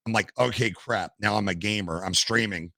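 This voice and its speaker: Animated older man, gravelly storyteller. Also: on the low side, moderate pace, dry recording. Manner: animated storyteller, acts out quotes. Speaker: podcast guest, gamer and streamer. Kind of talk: casual storytelling interview.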